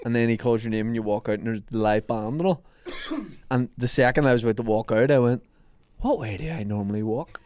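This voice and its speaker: A man's voice: mid-range voice, quick pace, a little mellow, slight background noise. A man, co-hosting a casual podcast and telling a teasing story. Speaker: podcast co-host, comedian. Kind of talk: casual banter.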